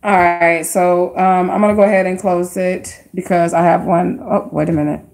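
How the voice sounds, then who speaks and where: A woman's voice: lowish voice, steady tone, normal speed, darkish tone. A woman giving casual tarot readings on a live stream, speaking straight to her viewers in a chatty, slangy way. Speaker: livestream tarot card reader.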